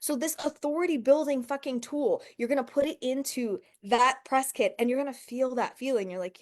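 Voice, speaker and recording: A punchy woman business coach swears her way through a motivational talk, aimed straight at her viewers. Her voice sits a touch high, and she keeps the energy up with rhetorical questions and quick "okay"s and "right"s. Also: animated. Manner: profane, emphatic, talks straight to the viewer.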